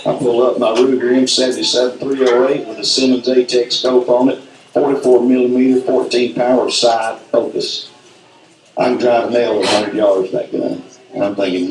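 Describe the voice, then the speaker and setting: A man's voice: mid-range voice, fairly even intonation, fairly quick, slight background noise. Southern storyteller, middle-aged man, folksy, echoey hall, a bit distant from the mic. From North Alabama, USA. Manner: folksy, acts out sounds and quotes. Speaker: speaker at a symposium. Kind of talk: storytelling talk. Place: event hall.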